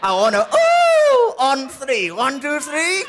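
A South African ventriloquist voicing a flamboyant, camp male puppet who calls everyone darling, with a raspy voice, performing live on a comedy stage. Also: high-pitched, lively intonation, measured pace, noisy background, exaggerated voice. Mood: bossy camp. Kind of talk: stand-up ventriloquism.

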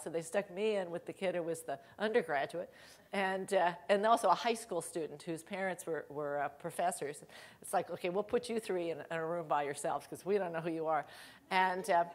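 A middle-aged woman giving a conference keynote, telling lively anecdotes with laughter and acted quotes. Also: mid-range voice. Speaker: keynote speaker. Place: conference hall stage.

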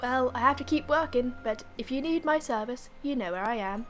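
A hardworking male blacksmith from a game, gruff and matter-of-fact, speaking in a lowered voice, as a woman puts him on. He sounds plain and busy. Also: brisk, soft background music, close to an everyday voice.

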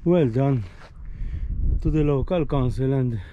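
A man with a Maltese accent chats along a hiking trail, filming himself and ending his phrases with a questioning "eh?". His voice is very dark and mellow, tired and a little short of breath. The sound is slightly dull, with faint outdoor noise and passing vehicles behind him. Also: medium pitch, unhurried. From Malta. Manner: chatty, ends phrases with "eh?". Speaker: hiker vlogger. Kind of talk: casual walking vlog commentary.

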